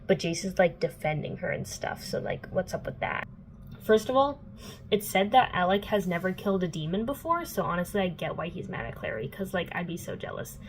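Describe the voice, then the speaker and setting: A woman's voice: fairly low pitch, animated, a little fast, a little hiss or hum. A young woman in her twenties casually recapping a novel for her channel, chatty and full of fillers, playfully quoting the characters. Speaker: book vlogger.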